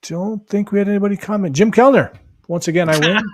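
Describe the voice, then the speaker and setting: A man's voice: high-pitched, fairly even intonation, quick pace, a little hiss or hum. A male host with a Californian accent chatting casually on a live stream, laughing easily and often restarting his sentences.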